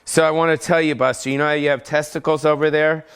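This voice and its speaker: This comedian podcast host talks fast in a fairly high, level, and fairly bright voice. He's at home, riffing on a casual, improvised rant full of profanity and jokes.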